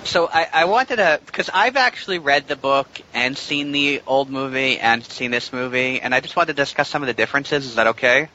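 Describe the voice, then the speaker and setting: A man with a bright, forceful voice talks through a film in a relaxed podcast chat, restarting his sentences as he goes. The recording is dull and lo-fi, with a faint hiss underneath. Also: medium pitch, a little fast, few pauses. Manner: talkative, explains at length with many restarts. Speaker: podcast co-host. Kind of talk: casual movie discussion. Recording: lo-fi with faint noise.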